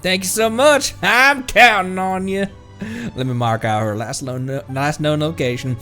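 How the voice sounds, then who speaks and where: A man's voice: a little high, normal speed, bright, forceful tone, soft background music. A man voicing a frail falcon keeper with weak legs, earnest and worried as he asks for help.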